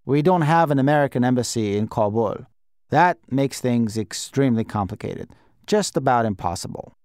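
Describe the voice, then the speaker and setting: A man's voice: medium pitch, expressive, normal speed, darkish tone, smooth, dry recording, clean studio sound, natural voice. A man reading aloud and voicing a middle-aged male embassy official who speaks in a cold, clipped, bureaucratic way. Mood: curt.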